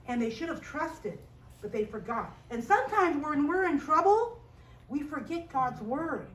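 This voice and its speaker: Woman, high voice, children's Bible teacher, animated storytelling, echoey room, distant mic. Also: normal speed, slight background noise. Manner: animated, asks the children questions. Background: children's group.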